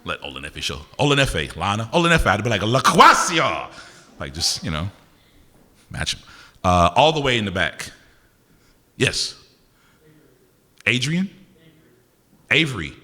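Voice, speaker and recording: A man's voice: sits low, animated, sharp tone. Teasing male poet in a reverberant hall. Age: older adult. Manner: teasing, quick-witted, asks audience names. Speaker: poet performing live. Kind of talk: playful crowd banter between poems. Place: university concert venue with audience. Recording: live hall recording with long reverb.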